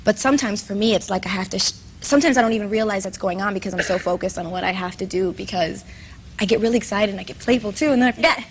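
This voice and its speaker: Rambling Puerto Rican actress guest, chatty, mid-pitched, faint hum behind. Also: female voice, quick pace. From Puerto Rico. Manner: chatty, rambling, many fillers. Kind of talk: talk show interview. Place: TV studio.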